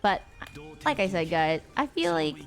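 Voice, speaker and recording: A woman streamer casually telling a story to her chat, animated and laughing often, acting out the lines of the people in it. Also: lowish voice, unhurried, soft background music. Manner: animated, acts out quoted lines, frequent laughter. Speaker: rideshare driver.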